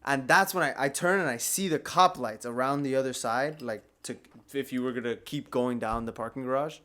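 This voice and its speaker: A man's voice: medium pitch, fairly quick, pushed and bright. A young man on a podcast telling a story in a casual, profane way, laughing often and filling his speech with "like". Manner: laid-back, profane, laughs through his story, lots of "like" fillers. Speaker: podcast co-host.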